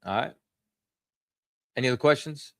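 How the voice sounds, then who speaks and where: A man's voice: mid-range voice, moderate pace, gravelly, fairly bright tone, no echo, studio quality. A man leading a scripture study, speaking in casual street slang and often asking "you know what I'm saying". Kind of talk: casual teaching.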